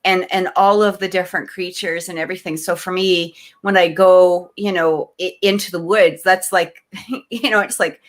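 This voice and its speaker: A woman from Canada, co-hosting a podcast, tells a personal story in a lively, emotional way, full of restarts and fillers. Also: fairly low pitch, moderate pace. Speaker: podcast co-host. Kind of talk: casual storytelling in an interview.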